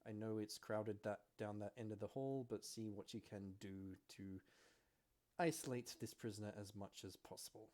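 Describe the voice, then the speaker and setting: A man's voice: on the low side, steady tone, moderate pace, a little mellow, natural voice. A man playing a stern, weary male prison official who speaks in stiff, formal sentences in a tabletop game.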